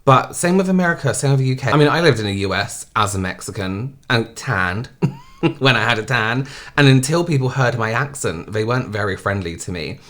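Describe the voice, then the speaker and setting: A man's voice: medium pitch, expressive, brisk, a bit bright. Rambling Hampshire-accented young man. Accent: southern English, Hampshire. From England. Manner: rambling, many fillers and restarts, laughs often. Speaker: reaction video host. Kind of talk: casual reaction commentary.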